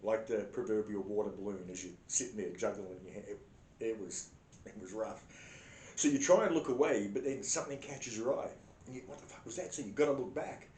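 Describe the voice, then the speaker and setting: A man's voice: a little fast, darkish tone. Profane Australian man in an echoey room. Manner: profane, blunt, sarcastic. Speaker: comedic storyteller. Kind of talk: crude comedic monologue. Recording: echoey room with faint rumble.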